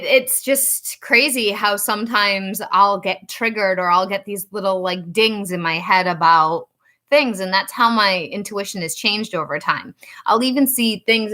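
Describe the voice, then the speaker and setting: A woman telling a personal story to camera, animated and acting out the dialogue she quotes. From Rhode Island. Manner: animated, acts out quoted dialogue with rising pitch. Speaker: psychic reader and channel host.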